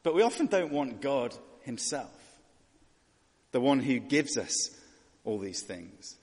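Husky man preaching in a reverberant hall. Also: mid-range voice, big pitch swings, slow, darkish tone. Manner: conversational, rhetorical questions, voices characters mockingly. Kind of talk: sermon.

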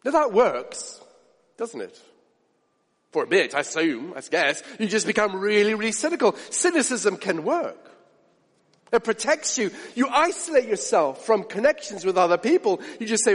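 A man preaching a sermon in an animated way, acting out the voices of people he quotes. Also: high voice, moderate pace, slightly rough. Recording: long hall reverb.

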